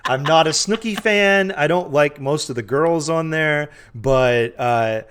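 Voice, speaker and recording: A man's voice: a little high, slow, a bit bright, slight background noise. A man co-hosting a podcast, chatting casually and self-deprecatingly with frequent restarts. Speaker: podcast co-host. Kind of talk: casual chat.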